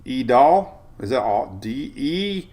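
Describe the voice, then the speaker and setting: A man's voice: medium pitch, big pitch swings, takes it slowly, darkish tone. A man hosting a casual weather live stream, rambling and chuckling as he talks through maps. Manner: rambling, chuckling, self-interrupting.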